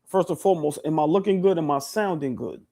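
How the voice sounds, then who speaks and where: Male stream co-host on a video call, slightly high voice, playful and showy. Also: fast, mellow. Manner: playful, flamboyant, lists compliments. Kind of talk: casual live stream banter.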